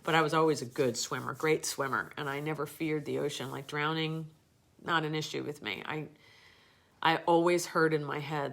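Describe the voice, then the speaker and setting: Middle-aged female host with a low voice; loose, rambling storyteller. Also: steady tone, normal speed, creaky, a bit bright. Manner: rambling, with many fillers and restarts. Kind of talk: casual storytelling on a live show.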